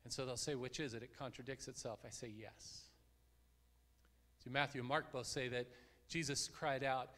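A man delivers a sermon as a guest preacher, his voice sitting at an ordinary middle pitch. He speaks earnestly and sinks into hushed tones at solemn points. The sound carries a long reverb from the church sanctuary. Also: normal speed.

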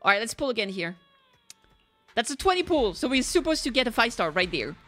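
Bright-voiced excitable woman gamer. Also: on the high side, a little fast, soft background music. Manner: excitable, yells at the game. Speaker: gaming streamer. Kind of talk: reacting to gacha pulls.

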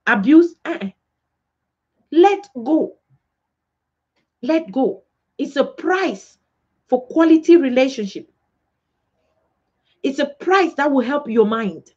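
A woman pastor delivers a sermon in a high, bright-edged voice. She preaches emphatically, acting out little quotes and asking the room rhetorical questions. The recording sounds dull and lo-fi. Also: lively intonation, slow pace, pauses often.

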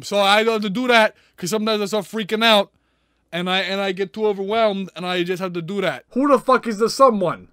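A man with a high-pitched voice plays a brash comic persona on a random video chat. He curses freely and grills strangers one blunt question after another. The sound is dry and close, picked up by a computer microphone at a desk. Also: a little fast, sharp tone, clear, resonant tone, no echo. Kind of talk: prank video-chat comedy. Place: indoors at a desk.

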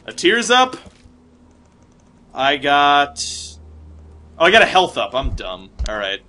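Man, let's-play host, bright voice, slightly high, chatty, faint game music. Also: huge pitch swings, takes it slowly. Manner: chatty, laughing, muttering to himself. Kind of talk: casual gameplay commentary.

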